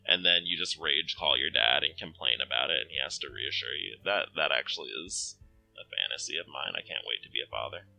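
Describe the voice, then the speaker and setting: A young man hosting a let's play, reading a dating game aloud and joking with lively commentary and casual swearing. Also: very deep voice, a little fast, creaky, no echo, soft background music, low-quality recording. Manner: animated, joking, swears freely.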